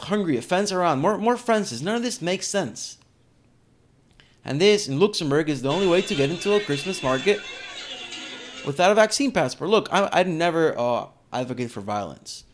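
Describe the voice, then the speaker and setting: Animated man commenting on clips. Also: a little high. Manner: animated, indignant, reacting to clips. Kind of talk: casual video commentary.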